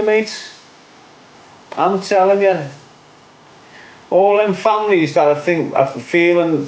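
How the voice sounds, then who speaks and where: A man's voice: a little high, a little mellow, rough recording. A young man with a Liverpool accent, ranting opinions on his online show in a casual, repetitive way, ending lines with "mate". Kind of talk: casual livestream rant.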